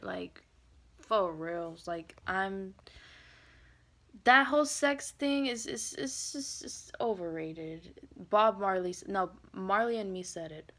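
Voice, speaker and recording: A woman venting in a monologue, blunt and profane, rambling with many fillers and swinging between loud outbursts and hushed, whispered asides. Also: medium pitch.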